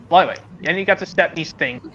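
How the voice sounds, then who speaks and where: A man's voice: high-pitched, muffled recording, background noise. A man streaming a casual chat, rambling and hesitant, with many restarts, heard over a video call.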